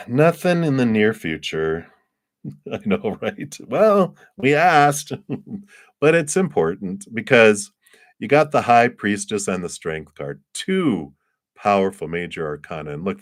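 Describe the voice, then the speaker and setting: A man giving live tarot readings, chatty and animated, who acts out little scenes in high voices and often laughs. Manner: frequent laughs and fillers. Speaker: tarot reader.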